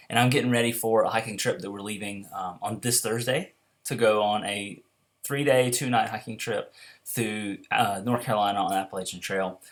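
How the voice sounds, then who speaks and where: A man's voice: on the low side, fairly bright tone. Chatty man explaining his hiking gear. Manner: chatty, rambling with fillers and restarts. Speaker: backpacking vlogger. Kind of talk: casual how-to video talk.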